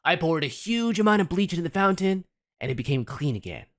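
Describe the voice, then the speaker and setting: A man voicing a boastful, blustering older duke in a lowered voice, speaking in short, self-praising phrases. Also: very animated, a little fast.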